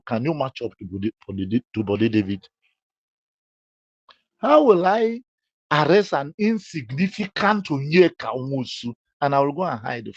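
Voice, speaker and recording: Guy lecturing a critic real slow, keeps repeating his questions, kinda muffled audio. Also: medium pitch, a little mellow, dry recording. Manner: emphatic, scolding, repeats rhetorical questions. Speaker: public figure addressing a critic. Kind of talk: direct-address rebuttal.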